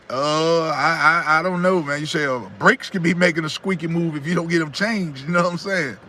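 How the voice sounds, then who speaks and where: A man in his thirties livestreams on his own YouTube channel, giving a folksy motivational talk in which he repeats his points and greets viewers by name. His voice sits on the high side, bright and forceful, with a faint hiss or hum.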